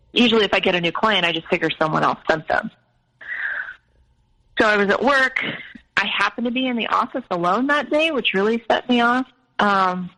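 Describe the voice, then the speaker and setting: Candid woman with a gravelly edge. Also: on the low side, pushed and bright, poor audio. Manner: candid, conversational retelling. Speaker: interview guest. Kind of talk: personal storytelling.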